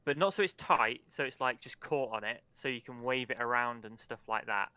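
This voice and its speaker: A man's voice: medium pitch, a little fast, sharp tone, clean tone, no echo. A man playing a character at a tabletop game, hesitant and apologetic with stammered restarts. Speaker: player.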